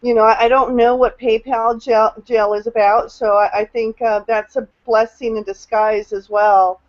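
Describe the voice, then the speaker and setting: On a video call, a woman gives a casual, emotional testimonial about being a new team member, rambling with many fillers and restarts. Her voice is on the high side, delivered flatly at a moderate pace, and the audio sounds dull.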